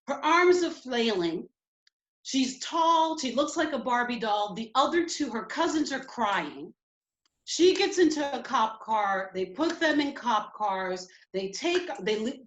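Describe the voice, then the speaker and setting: A woman telling a personal story at a community event, emotional and halting. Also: a little high, fairly bright tone, reverberant.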